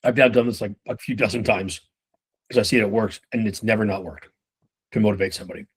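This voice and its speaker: A man giving casual sales-management coaching, talking loosely and with profanity while acting out quick snippets of conversation. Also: lowish voice, fairly even intonation, breathy edge. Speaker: sales trainer.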